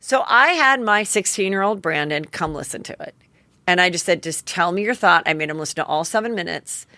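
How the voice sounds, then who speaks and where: A woman's voice: on the low side, animated, a little fast, sharp tone, no room sound. A woman in her forties hosting a solo gossip podcast, chatty and candid, swearing freely and acting out quotes. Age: 40s. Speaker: podcast host.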